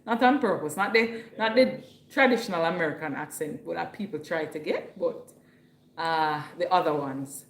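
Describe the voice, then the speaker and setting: A woman's voice: low voice, moderate pace, roomy sound. A woman from Jamaica with a Jamaican accent, hosting a casual livestream at home and chatting with viewers while reading their comments aloud. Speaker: livestream host.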